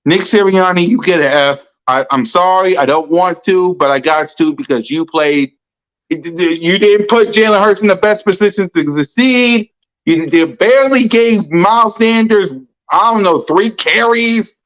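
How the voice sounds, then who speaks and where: A fired-up sports podcast host hammers points home, repeating lines for emphasis. The voice sits at an everyday middle pitch, and the delivery is loud, heated and blunt. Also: a little slow, rough recording. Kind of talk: ranting sports talk.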